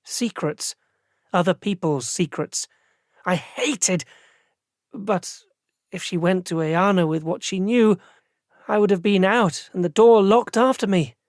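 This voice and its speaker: A man voicing a nervous young male elf singer who speaks jittery and squeaks with alarm. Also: slow pace, long pauses, dry recording, studio quality. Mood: anxious.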